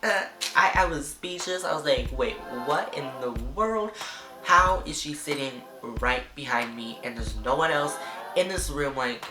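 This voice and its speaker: A young man tells a storytime to his camera, rambling and packing every sentence with fillers. He gets excitable and acts out how people reacted. His voice rings around a reverberant room while clear background music plays beneath him. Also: a little high, unhurried. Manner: chatty, rambling, fillers of "like" throughout. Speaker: vlogger. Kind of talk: casual storytime vlog. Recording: roomy echo with background music.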